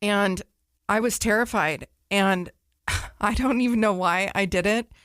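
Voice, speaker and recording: A woman's voice: medium pitch, unhurried, fairly bright tone, clean tone, dry recording, studio quality. A woman hosting a podcast interview, talking openly and personally about her own fears. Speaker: podcast host. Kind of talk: casual interview chat.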